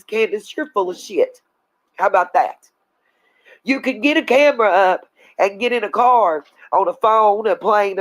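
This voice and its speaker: A woman's voice: mid-range voice, poor audio. Blunt woman ranting on a livestream. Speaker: channel host. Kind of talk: livestream commentary.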